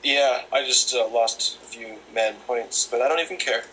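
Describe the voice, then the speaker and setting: A young man chatting casually, joking and halting, with many fillers. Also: medium pitch, pushed and bright, poor audio. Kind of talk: casual chat.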